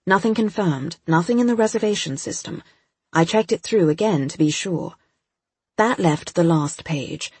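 Woman narrator, first-person audiobook, breathy husky tone, dry close recording. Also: deep voice, darkish tone, dry recording. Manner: tense, urgent storytelling.

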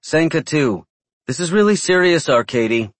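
A man voicing a small, sharp-tongued female vampire with a brisk, sarcastic manner. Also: a little high, animated, no room sound, pitched above the performer's own voice, lightly acted.

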